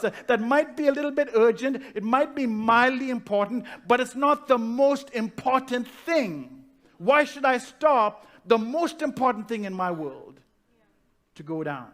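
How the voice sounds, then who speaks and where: Pastor, male, higher-pitched voice, sermon delivery, slows down on key lines, asks the room questions. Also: lively intonation, a bit bright. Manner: rhetorical questions, slows down to stress key phrases.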